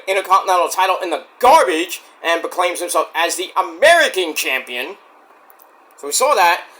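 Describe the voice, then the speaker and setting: A man rambles through a casual wrestling show review, full of restarts and sudden shouted impressions. His voice sits high and swings widely in pitch, with a bright, forceful edge. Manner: rambling, animated, acts out quotes loudly.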